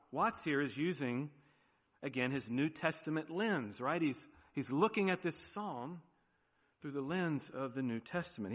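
A man preaching a sermon as pastor, animated, with sudden drops to a quiet, emphatic tone. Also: medium pitch, long reverb tail.

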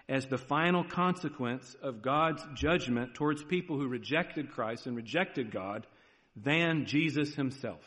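A man preaches with earnest, pleading urgency, rising to loud calls and falling to a near hush. His voice sits at an ordinary middle pitch. The sound carries a long reverb from a church sanctuary. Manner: earnest, pleading, swings between loud urging and soft hush. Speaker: pastor. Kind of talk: sermon.

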